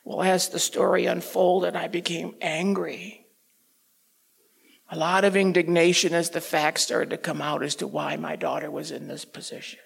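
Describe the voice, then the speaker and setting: An older man giving an emotional sermon testimony, swinging between loud outbursts and near-whispers. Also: fairly high pitch, flat delivery, moderate pace. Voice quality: gravelly, husky.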